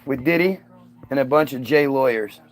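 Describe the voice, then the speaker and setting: A man's voice: mid-range voice, moderate pace. A male comedian telling a rambling, profane story that casts the listener as "you.". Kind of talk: stand-up storytelling.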